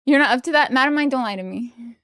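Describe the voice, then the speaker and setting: A young woman streaming from home, chatting casually and giggling excitedly as she opens trading cards. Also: high-pitched, fast talker, no echo, studio quality. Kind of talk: casual live-stream chat while opening trading cards.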